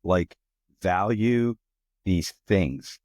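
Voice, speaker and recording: A young man as a podcast guest, talking in an earnest, reflective and halting way. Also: sits low, lively intonation, darkish tone, no echo, clean studio sound. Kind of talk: casual conversation.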